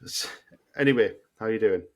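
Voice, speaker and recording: A man's voice: fairly low pitch, a little fast, a little mellow. A man co-hosting a podcast in casual chat, joking and self-deprecating. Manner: laughs easily, self-deprecating banter. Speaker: podcast co-host.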